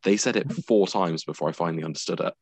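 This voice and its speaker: A man's voice: sits low, quick pace, a little mellow, breathy edge, no echo. A man from the United Kingdom co-hosting a podcast in casual chat, tired and matter-of-fact, teasing his co-host.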